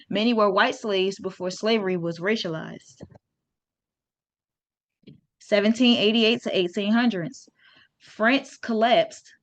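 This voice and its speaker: A woman hosting a casual history talk for her viewers, informal and chatty, with slang and restarts. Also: mid-range voice. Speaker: host.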